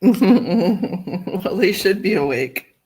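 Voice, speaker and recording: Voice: mid-range voice, animated, very slow, a little mellow, slightly rough. A livestream host in casual chat, thinking aloud while fumbling with files on a computer.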